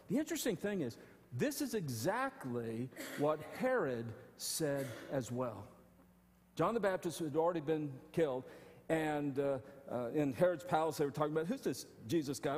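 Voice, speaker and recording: Pastor guy preaching, kinda high voice, lively, long church echo. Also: moderate pace. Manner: animated, stumbling restarts, acting out quotes. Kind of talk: sermon. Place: church sanctuary.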